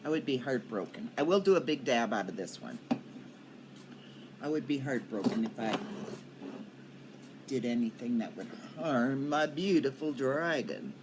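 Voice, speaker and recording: A woman's voice: very deep voice, lively intonation, measured pace, long pauses, noisy background. An older woman chatting casually to her viewers in a rambling way, coughing often. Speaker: cannabis vlogger. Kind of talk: casual chat to camera. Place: at home in Colorado.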